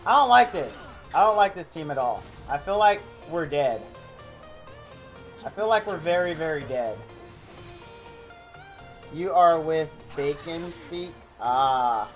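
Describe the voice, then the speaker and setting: A man live-streaming a game, rambling excitably and thanking viewers in chat by name. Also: fairly high pitch, slow pace, long pauses. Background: faint game music.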